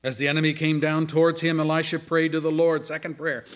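A man preaching a sermon, swinging between loud dramatic scripture reading and hushed asides. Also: fairly high pitch, level tone, fast. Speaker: pastor. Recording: audio of a sermon.

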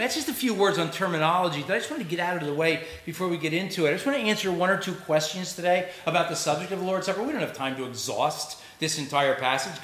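A man's voice: on the high side, fairly bright tone. Man preaching in an echoey church. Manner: conversational, joking asides to the congregation. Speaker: pastor. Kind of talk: sermon. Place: church sanctuary. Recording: echoey church recording with faint noise.

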